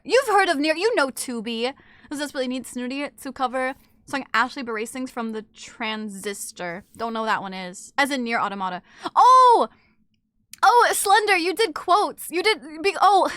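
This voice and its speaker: A woman streamer chatting casually with her live chat while eating, animated, switching between loud exclamations and low asides, swearing freely. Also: no echo, studio quality.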